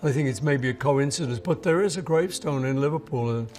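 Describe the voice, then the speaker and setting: A man's voice: medium pitch, fairly quick, darkish tone. An older man from England, telling anecdotes in an interview and acting out the voices of people he quotes. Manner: acts out quoted voices in his stories. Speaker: musician interviewee.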